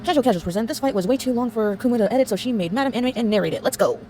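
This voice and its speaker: A woman giving a quick, wry recap of a tabletop game fight. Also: fairly high pitch, expressive, dark tone, slight background noise. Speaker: recap narrator. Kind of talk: quick comic recap narration.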